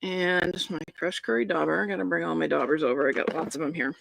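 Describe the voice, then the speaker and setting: A woman's voice: low voice, fast talker, gravelly, fairly bright tone, a little hiss or hum. A middle-aged woman chatting enthusiastically while showing a crafting project step by step. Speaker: papercraft demonstrator. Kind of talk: live crafting demonstration.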